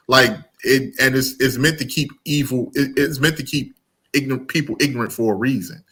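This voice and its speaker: A man's voice: medium pitch, a little fast, sharp tone, breathy edge. A man hosting a casual commentary talk, blunt and emphatic, often restarting his sentences. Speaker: host of commentary channel.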